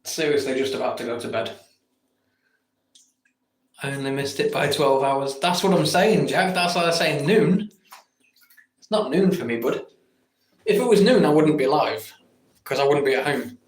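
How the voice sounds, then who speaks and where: A man's voice: medium pitch, moderate pace, pauses often, roomy sound. An English man hosting a late-night live stream from home, chatting casually and answering viewer comments, with mock-exasperated outbursts. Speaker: livestream host.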